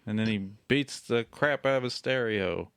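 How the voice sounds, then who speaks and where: A man co-hosting a horror podcast, recapping film scenes casually with halting pauses. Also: mid-range voice, gravelly, a bit bright, smooth, no room sound. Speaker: podcast co-host.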